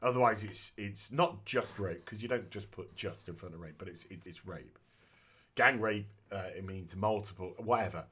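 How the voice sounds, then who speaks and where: A man's voice: fairly low pitch, normal speed, sharp tone, slightly rough. A man co-hosting a casual podcast, talking bluntly with lots of swearing and restarts. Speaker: podcast co-host.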